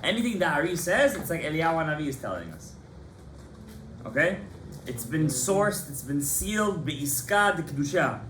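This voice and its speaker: Impassioned rabbi teaching in an echoey hall. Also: male voice, fairly high pitch, normal speed, a little hiss or hum. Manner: animated and impassioned, quizzing students by name. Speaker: rabbi teaching a Torah class. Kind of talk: lively Torah class lecture.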